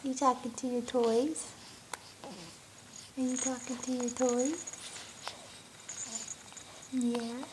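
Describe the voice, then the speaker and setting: Mom doing slow high baby talk, sing-songy, home camcorder with noise behind. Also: female voice, little pitch movement, darkish tone. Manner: cooing, sing-song, repeats questions, laughs often. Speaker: mother talking to her baby. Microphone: home video camera held by someone else. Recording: home video with clear background noise.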